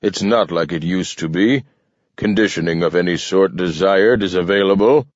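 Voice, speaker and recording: A man's voice: low-pitched, moderate pace, no echo. A man reading the part of a grave, gray-haired male doctor who talks in a firm, insistent way. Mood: stern. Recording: dull lo-fi dry recording.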